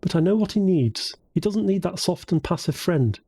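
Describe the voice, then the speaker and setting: This is a man voicing a frank young woman in an audiobook. She talks with firm, earnest conviction at a moderately raised pitch. Her tone is mellow and lightly husky. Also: animated, normal speed, exaggerated voice.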